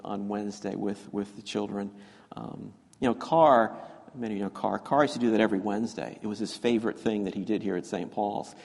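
Chatty pastor in an echoey church. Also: male voice, on the low side, gravelly, a little mellow. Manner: chatty, self-deprecating, many fillers and restarts. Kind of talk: storytelling sermon. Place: church sanctuary.

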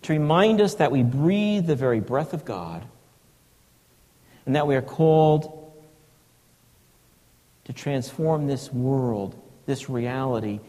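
A man preaching a sermon, slow and reflective, sometimes dropping to a hushed, breathy tone. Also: mid-range voice, animated, in a large hall.

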